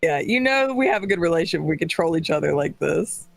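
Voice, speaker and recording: Woman, co-streamer, teasing, giggly, lively pitch, dry close sound. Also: fast talker, vocal fry, dry recording. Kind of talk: casual gameplay stream chat.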